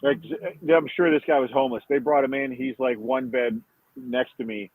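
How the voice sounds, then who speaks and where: A man's voice: medium pitch, steady tone, moderate pace, no echo. A man guest on a podcast, telling stories with a joking, self-deprecating humor. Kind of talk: casual chat. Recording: tinny, dry phone line.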